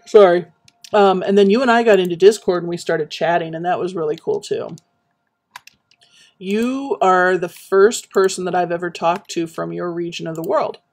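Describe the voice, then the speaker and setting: A woman chatting casually while building in a game, rambling and reminiscing with many pauses and fillers. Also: on the low side, darkish tone. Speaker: Minecraft streamer.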